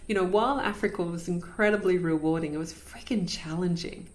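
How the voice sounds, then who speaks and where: Earnest woman, low voice. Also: a little fast, hardly any pauses. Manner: earnest, reflective, repeats phrases for emphasis. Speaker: podcast host sharing a personal story. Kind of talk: personal storytelling.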